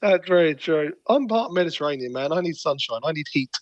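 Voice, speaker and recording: A man with a fairly high voice co-hosting a podcast, chatting loosely and poking fun at himself. He laughs easily, and his voice sounds close and dry with no room sound. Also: animated, a little fast, dry recording, dull audio. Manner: self-mocking, laughs easily. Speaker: podcast co-host. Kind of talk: casual podcast chat.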